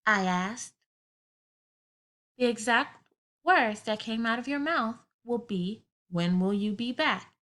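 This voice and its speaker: A woman teaches grammar to young students in a recorded lesson. She talks slowly and patiently in a fairly high voice. She builds each point from simple everyday examples. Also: fairly bright tone.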